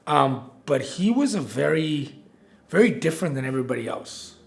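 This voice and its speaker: Gravelly-voiced man in his forties. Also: fairly high pitch, very animated, moderate pace. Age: 40s. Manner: rambling with frequent restarts and "right?" tags. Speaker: restaurant operations director. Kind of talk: casual interview storytelling.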